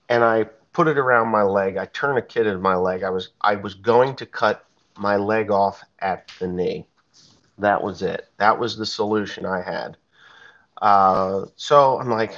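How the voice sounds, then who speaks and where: A man's voice: on the low side, fairly bright tone, dull audio. A man, a farmer, telling a personal story in a blunt, plain-spoken, profane way.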